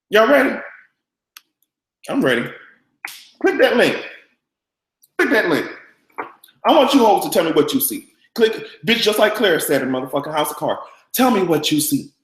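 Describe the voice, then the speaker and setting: A man's voice: sits high, roomy sound, low-quality recording. A man hosting a live-stream gossip show, brash, profane and camp. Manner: brash, profane and camp, with loud cackling laughs. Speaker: vlogger host.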